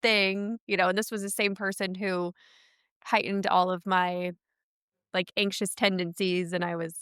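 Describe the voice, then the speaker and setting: A woman's voice: fairly low pitch, flat delivery, normal speed, a bit bright, smooth, dry recording, studio quality. A woman hosting a podcast, chatty and candid, sharing her own experience and asking questions. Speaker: podcast host. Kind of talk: casual podcast interview.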